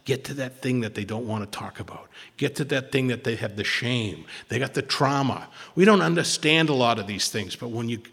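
A man's voice: medium pitch, gravelly, a bit bright, husky, long reverb tail. A man telling personal stories at a twelve-step recovery meeting, rambling, restarting often and acting out what people said. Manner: rambling storytelling with many restarts and acted quotes.

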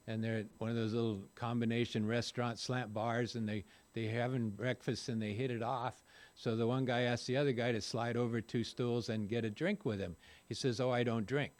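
A man's voice: mid-range voice, steady tone, moderate pace, darkish tone. An older man speaking at a recovery meeting, telling folksy, rambling stories with self-deprecating humor. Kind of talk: personal recovery talk to a group.

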